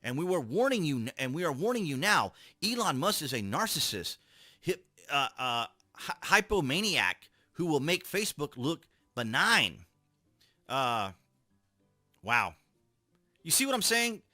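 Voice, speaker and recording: Man, political commentary, sarcastic rhetorical questions, lively swinging pitch, dry close sound. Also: unhurried, no room sound, faint music behind. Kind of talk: casual political commentary, reading and reacting to articles.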